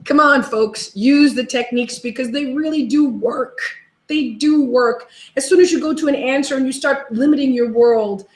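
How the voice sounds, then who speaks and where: A woman with a fairly high voice gives a motivational webinar talk. She tells stories in a chatty, lively way and keeps coming back to the same question. Her voice rings in an echoey room. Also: moderate pace. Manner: chatty storytelling, repeats key question. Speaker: webinar host and life coach.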